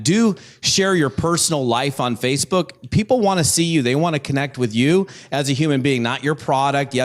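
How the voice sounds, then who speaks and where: A man speaking on a business panel, earnestly rattling off a punchy list of dos and don'ts. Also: medium pitch. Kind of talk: motivational speech.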